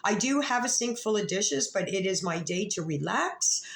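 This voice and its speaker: A woman's voice: medium pitch, animated, moderate pace, roomy sound. A woman vlogger talking straight to the camera in a rambling, confrontational rant, swearing freely.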